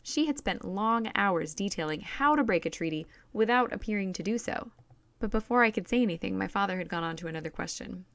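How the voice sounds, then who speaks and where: A woman reading a novel aloud in first person, in a steady, even storytelling manner. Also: medium pitch, brisk, no echo. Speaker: audiobook reader.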